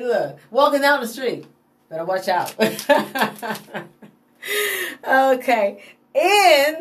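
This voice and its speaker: A woman's voice: lowish voice, creaky, slight background noise. A woman talking in a rambling, digressive monologue, laughing often and swearing casually. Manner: digressive, laughing, profane, animated. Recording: voice from a distance.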